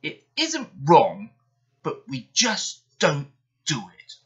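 A man's voice: on the high side, huge pitch swings, takes it slowly, exaggerated voice. A man voicing a proud, boastful big male engine who lectures others. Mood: pompous. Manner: pompous, lecturing. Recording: dull lo-fi sound.

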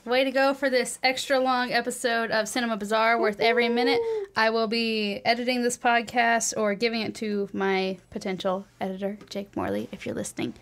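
A woman's voice: on the high side, fairly bright tone. A woman hosting a radio talk show in a casual, playful way, stretching words for emphasis. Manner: chatty, playful, drawn-out emphasis.

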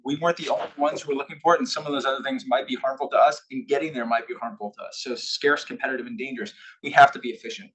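Husky man telling a candid personal story. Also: medium pitch, fairly even intonation, rapid-fire, few pauses, poor audio. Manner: candid storytelling, acting out shouted quotes. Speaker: invited speaker. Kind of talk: personal story talk to a live audience. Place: corporate headquarters presentation room.

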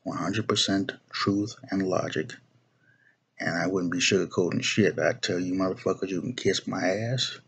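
A young man, a video blogger, rants to camera about politics in a low, steady voice that's fairly bright and slightly rough, at a moderate pace. He's blunt and profane, repeating himself and restarting his phrases.

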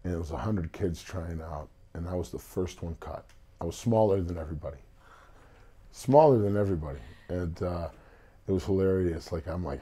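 A deep, husky man talks in a mellow, warm tone. He tells his story casually and with animation, acting out what people said to him. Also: moderate pace. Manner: animated storyteller, acts out quotes. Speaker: singer, interview guest.

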